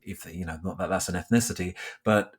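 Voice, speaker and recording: Deliberate young man, careful diction. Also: deep voice, breathy edge. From London. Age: young adult. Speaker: podcast guest, geography teacher. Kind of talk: casual conversational interview.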